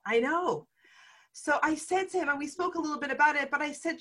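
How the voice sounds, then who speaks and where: A woman hosting a conversation and telling a personal story in a casual, animated way, acting out the dialogue. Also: high-pitched, fairly quick. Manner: animated, acts out dialogue, frequent "like". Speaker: host.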